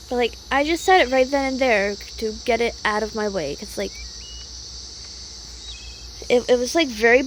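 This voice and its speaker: A young woman with a high voice vents in a rambling, casual monologue. She sounds upset and swears freely, with lots of fillers. Faint crickets chirp behind her. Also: normal speed, long pauses, a little hiss or hum. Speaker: vlogger.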